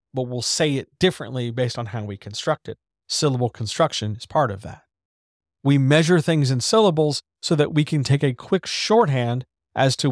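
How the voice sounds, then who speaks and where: A man's voice: mid-range voice, no room sound, clean studio sound. A man hosting a casual writing podcast, candid and swearing freely, dragging his S's and hitting his D's and T's hard. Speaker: podcast host. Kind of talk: casual instructional chat about writing. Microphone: studio microphone.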